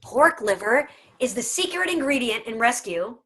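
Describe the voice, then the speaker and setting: A woman's voice: fairly high pitch, lively intonation, moderate pace, a bit bright. A woman speaking for a dog food company in a casual video chat, emphatic, humorous and persuasive.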